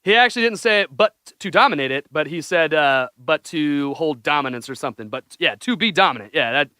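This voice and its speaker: A young man chatting on a podcast, his high voice swinging up and down as he gets carried away. He laughs often and swears casually between points. The sound is close and dry, with no room echo. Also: lively intonation, fast talker, sharp tone. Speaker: podcast co-host. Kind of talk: casual chat.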